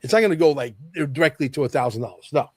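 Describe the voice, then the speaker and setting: A man's voice: medium pitch, expressive, rapid-fire, no echo. Emphatic man with a dry close sound. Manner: emphatic, repeats key phrases, confident predictions. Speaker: podcast guest. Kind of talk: casual podcast conversation.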